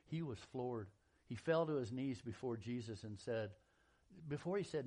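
A man preaching a sermon in a folksy, animated storytelling style, acting out quotes and jokes. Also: medium pitch, moderate pace. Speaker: pastor.

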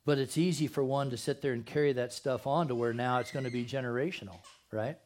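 A man's voice: medium pitch, fast, a little mellow. A man preaching a conversational sermon as pastor at a church service, asking the congregation questions and dropping jokey asides.

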